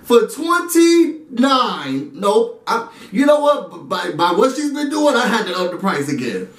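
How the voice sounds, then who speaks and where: A man hosting a casual TV recap vlog, talking straight to his viewers in an animated, chatty way full of asides. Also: sits high, normal speed, roomy sound, distant mic. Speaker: reality TV recap YouTuber.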